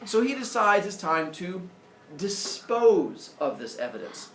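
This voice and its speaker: Guy teacher goofing thru a myth for the class, lively up and down voice, echoey room, mic far away, faint noise. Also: high-pitched, a little slow. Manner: jokey, animated, acts out characters. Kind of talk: storytelling lesson. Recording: roomy classroom audio from far off.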